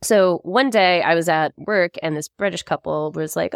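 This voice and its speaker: Woman co-host, casual storyteller, salty and giggly, lower voice, dry room. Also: normal speed, gravelly, no room sound. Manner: chatty storyteller, swears freely, laughs often. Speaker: podcast co-host. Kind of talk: casual chat.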